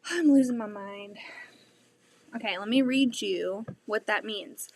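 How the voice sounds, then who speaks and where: A woman's voice: medium pitch, unhurried, creaky, darkish tone, no echo. A woman hosting a casual quilting live stream, chatting with viewers in her home sewing room, often using "like" as a filler.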